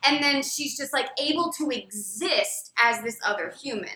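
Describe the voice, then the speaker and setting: A woman's voice: high-pitched, lively intonation, normal speed, pushed and bright, echoey room, poor audio. A woman co-hosting a podcast, gushing enthusiastically in casual chat and filling her talk with "like". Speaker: podcast co-host.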